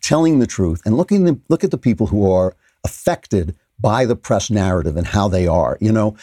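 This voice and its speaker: An older man hosts a political commentary show, his low voice dark and mellow. He talks in an animated, opinionated way, full of sarcastic asides and quick restarts. The sound is dry and close. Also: dry recording.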